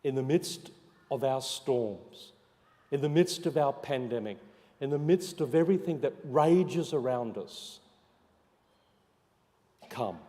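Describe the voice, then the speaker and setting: Priest preaching in a reverberant church. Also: male voice, mid-range voice, measured pace. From Australia. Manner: storytelling, dropping to soft hushed emphasis. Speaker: parish priest. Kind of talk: homily.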